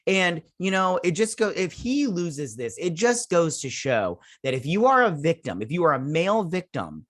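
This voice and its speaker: A man's voice: on the high side, sing-song, measured pace, fairly bright tone. A man hosting his own reaction vlog, ranting heatedly with many restarts and fillers. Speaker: YouTube channel host.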